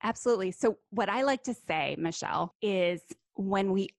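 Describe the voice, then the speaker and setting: Animated American woman, tag questions. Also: medium pitch, vocal fry, no room sound. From United States. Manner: animated, says "right?" often, slows for emphasis. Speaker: guest speaker. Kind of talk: Christian radio talk.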